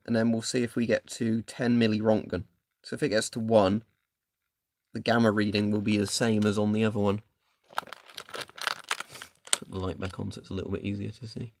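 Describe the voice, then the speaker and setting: A man's voice: on the low side, slight background noise. A man doing a casual live stream, chatting and thinking aloud while he tests equipment.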